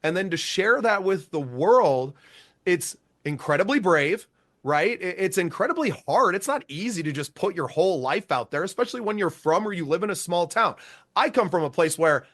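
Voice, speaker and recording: A man's voice: high voice, animated, moderate pace, fairly bright tone. A man co-hosting a podcast, blunt and profane but earnest, speaking in casual chat. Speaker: podcast co-host.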